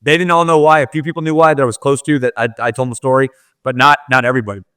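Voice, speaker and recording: A man's voice: mid-range voice, fairly even intonation, racing, bright, forceful tone, smooth, no room sound, clean studio sound. A man, a podcast guest, telling a personal story in candid, casual talk full of "like" fillers.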